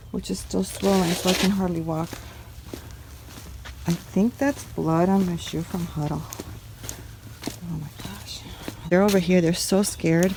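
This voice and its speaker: A woman's voice: lowish voice, a little hiss or hum, poor audio. A woman talking casually to her viewers while walking around her rural property outdoors, filming herself. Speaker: homestead vlogger. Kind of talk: casual vlog to camera.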